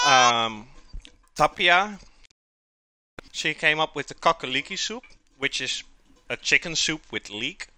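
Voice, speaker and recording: Slow, bright-voiced Dutch male streamer. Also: medium pitch. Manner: chatty, reads out and answers chat while eating; talks with mouth full. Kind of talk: live-stream cooking chat.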